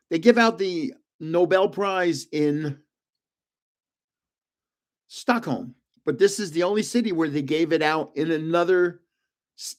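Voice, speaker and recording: An older man with a slightly higher voice hosts a relaxed livestream from his home. He rambles through personal stories and chuckles often between lines. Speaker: livestream host. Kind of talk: casual storytelling livestream.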